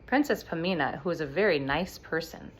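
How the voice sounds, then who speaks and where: A woman explaining an opera plot to children as an expressive storyteller. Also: low-pitched, brisk, breathy edge. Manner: animated, expressive.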